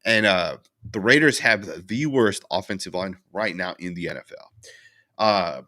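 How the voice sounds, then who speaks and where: A man's voice: sits low, lively intonation, a little slow, bright, forceful tone. A young man hosting a casual post-game recap, rambling with fillers and restarts as he vents his frustration and answers chat comments. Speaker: sports channel host.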